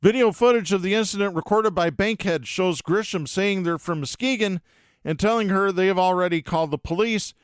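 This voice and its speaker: A man's voice: high-pitched, brisk, clear, resonant tone, no echo, clean studio sound. A man hosting a podcast, reading news stories aloud and breaking in with sarcastic, indignant comments. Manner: sarcastic, indignant asides between read stories. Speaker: podcast host.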